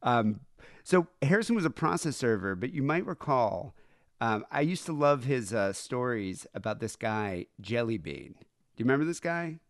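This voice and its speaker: A man's voice: medium pitch, very animated, moderate pace, no room sound, studio quality. Rambling nasal man hosting a podcast. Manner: rambling, laughs often. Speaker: podcast host. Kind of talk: casual chat playing old clips.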